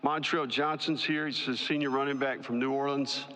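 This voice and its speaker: A man, a college football head coach, giving prepared press conference remarks in a measured, emphatic, list-like way. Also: medium pitch, fairly even intonation, fairly bright tone. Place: large media day ballroom. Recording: long reverb in a large hall.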